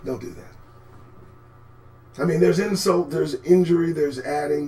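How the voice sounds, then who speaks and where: A man hosting a live commentary show, talking in a sarcastic, profane way and swinging from low mutters to sudden shouts. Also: a little slow, pauses often. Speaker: host.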